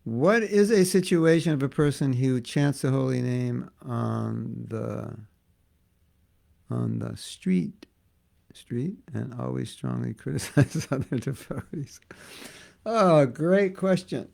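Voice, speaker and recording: A man's voice: medium pitch, takes it slowly, creaky, mellow. A man teaching a casual devotional class, joking and conversational, repeating words for emphasis. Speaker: spiritual teacher.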